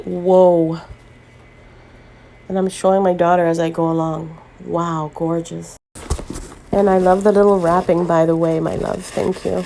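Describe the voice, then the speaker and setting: A middle-aged woman talks slowly through an unboxing vlog, her voice gravelly and choked with emotion. She gushes and sounds close to tears throughout. A faint hiss of room noise sits behind her. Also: on the low side, dark tone. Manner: emotional, gushing, near tears. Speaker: tarot channel host.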